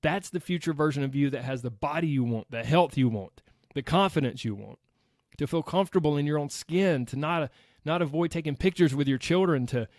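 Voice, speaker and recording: A man's voice: a little high, a little fast, darkish tone, no echo, studio quality. A man with a Southern American accent hosting a solo podcast in an upbeat, chatty way, talking straight to his listeners. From United States. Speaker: podcast host.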